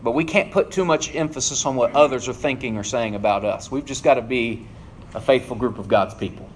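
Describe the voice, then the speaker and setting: A man preaching a sermon, reading scripture and then explaining it earnestly and emphatically, often dropping low at the ends of phrases. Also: a little fast, a little hiss or hum.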